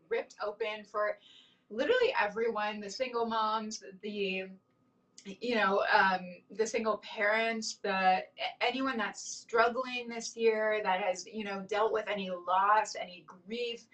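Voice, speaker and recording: A woman's voice: mid-range voice, a bit bright, distant mic, rough recording. A woman in her thirties hosting a casual chat, telling stories in an effusive, emotional way. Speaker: host.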